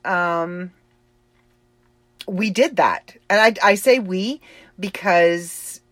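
A woman livestreamer telling a story in a slow, earnest way, with many fillers and restarts. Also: lowish voice, fairly bright tone, dry recording. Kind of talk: casual storytelling.

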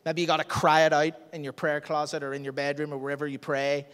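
Chatty preacher, hall echo. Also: male voice, on the high side, completely flat delivery, fast talker, fairly bright tone. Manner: chatty, self-deprecating, laughs often. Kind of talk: sermon. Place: church hall. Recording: long hall reverb.

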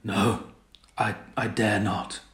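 A man's voice: on the low side, level tone, slow, a bit bright. A man playing a hungry, fearful castaway who stammers and falters, recorded with a roomy echo. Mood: faltering. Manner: hesitant, stammering and pathetic.

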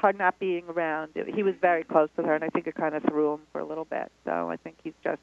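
A woman's voice: low-pitched, fast talker, gravelly, dry recording. A woman calling into a radio show, emotional, often laughing and agreeing. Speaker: caller. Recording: phone line, dry.

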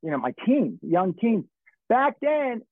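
Man, middle-aged, high voice, casual rambling talk, curses a lot, phone-thin sound. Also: sing-song, unhurried, dry recording. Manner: rambling, swearing, restarts a lot. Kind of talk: casual chat. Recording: tinny phone-like dry sound.

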